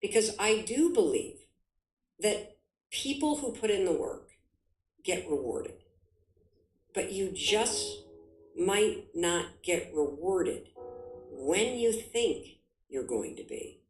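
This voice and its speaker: A woman's voice: mid-range voice, sing-song, takes it slowly, long pauses, reverberant, soft background music, low-quality recording. A woman giving an emphatic motivational talk as a guest, full of vivid examples. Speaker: guest speaker.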